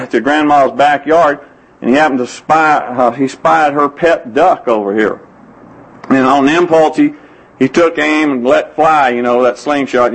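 A man's voice: medium pitch, low-quality recording. A man preaching a sermon, telling folksy stories and quoting scripture. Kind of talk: sermon with anecdotes.

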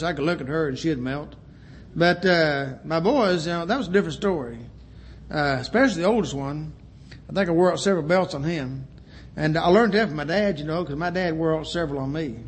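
High-voiced older man preaching folksy. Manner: folksy, anecdotal, with many "you know" asides. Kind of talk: sermon.

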